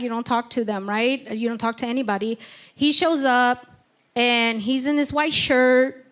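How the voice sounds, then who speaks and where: A woman giving a personal testimony at church, speaking candidly and emotionally, halting often with fillers. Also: high-pitched, a bit bright.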